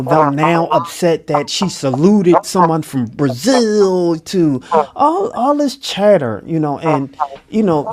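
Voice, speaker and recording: Laid-back guy co-hosting a chat show, kinda high voice, rambles with lots of "you know". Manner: loose, rambling, laughs often. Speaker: co-host. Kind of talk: casual interview chat.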